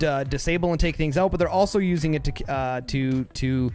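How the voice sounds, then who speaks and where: Excitable high-voiced male game commentator. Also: fairly quick, soft background music. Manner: excitable play-by-play, repeats himself. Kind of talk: live gameplay commentary.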